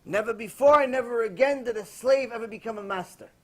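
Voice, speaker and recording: High-voiced rabbi telling a story. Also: male voice, a little fast. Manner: animated storytelling with acted quotes. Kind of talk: storytelling sermon.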